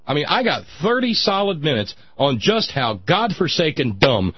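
Male talk host, sardonic monologue, animated delivery, dry close sound. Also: fairly high pitch, normal speed, breathy edge, no room sound, highs cut off. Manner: sardonic, mocking, dry asides. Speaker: political commentary host. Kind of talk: sarcastic political monologue.

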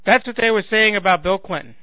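Indignant high-voiced man on lo-fi radio. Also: fast talker, no echo. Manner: sarcastic, indignant, repeats words while thinking. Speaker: radio talk host. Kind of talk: political commentary monologue. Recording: thin phone-like radio sound.

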